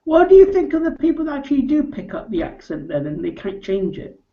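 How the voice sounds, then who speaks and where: A woman's voice: sits high, very animated, fairly quick, muffled recording. A woman co-hosting a casual live chat, asking chatty questions with hesitant fillers. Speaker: co-host.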